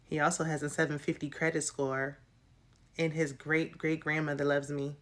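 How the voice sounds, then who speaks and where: A woman acting out a catty young woman who taunts her rival in a low, hushed voice. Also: level tone, normal speed, close to an everyday voice. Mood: smug taunting.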